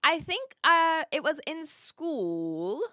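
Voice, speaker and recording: Lively bright-voiced New woman. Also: high voice, slow pace, no echo, clean studio sound. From New Zealand. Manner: chatty, lots of fillers and restarts. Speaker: streamer. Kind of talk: casual live-stream chat, reading and answering chat.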